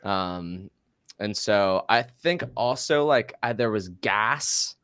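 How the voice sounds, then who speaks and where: A man's voice: fairly low pitch, animated, slow pace, fairly bright tone, clear, resonant tone, dry recording, clean studio sound. A man co-hosting a casual podcast chat, rambling and laughing, often tripping over his words. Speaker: podcast co-host.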